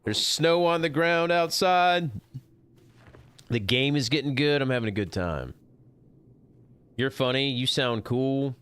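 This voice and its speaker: A man's voice: mid-range voice, a little slow, pauses often, a bit bright, clear, resonant tone. A man streaming a game, ranting casually and profanely, rambling and getting heated. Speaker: gaming streamer. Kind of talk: casual rant over gameplay.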